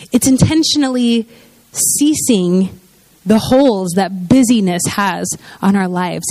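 A woman's voice: mid-range voice, darkish tone, no echo. A woman giving a conversational sermon, chatty and informal, full of "you know" and "like" asides. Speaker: preacher.

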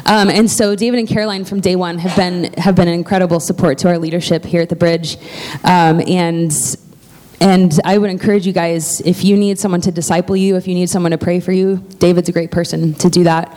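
A woman's voice: fairly low pitch, flat delivery, a little fast, dark tone. A woman pastor making church announcements from the pulpit, chatty and heartfelt, with plenty of fillers and restarts.

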